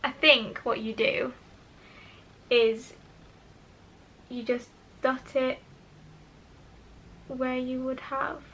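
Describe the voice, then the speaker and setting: Bright, high-voiced young woman vlogging. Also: steady tone, very slow, pauses often, a little hiss or hum. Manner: chatty, self-deprecating, enthusiastic. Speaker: beauty vlogger. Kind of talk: casual make-up tutorial chat. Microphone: camera mic, talking to camera.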